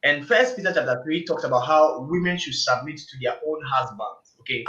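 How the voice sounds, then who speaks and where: High, bright-voiced man, emphatic and preachy. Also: lively intonation, brisk. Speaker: panel guest. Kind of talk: casual group discussion. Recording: echoey room, dull lo-fi sound.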